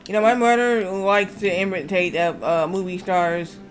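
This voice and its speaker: A man's voice: high-pitched, fairly even intonation, normal speed, music in the background. A man livestreaming a video game while telling a long family story, repeating words and restarting his sentences as he goes. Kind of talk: rambling storytelling while gaming.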